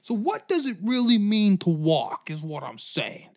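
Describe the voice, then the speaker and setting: A man's voice: sits high, huge pitch swings, unhurried, voice pushed up, exaggerated voice. A man putting on a fed-up ancient foot soldier who whines and rambles in circles. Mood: whiny. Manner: whiny, rambling, talking in circles.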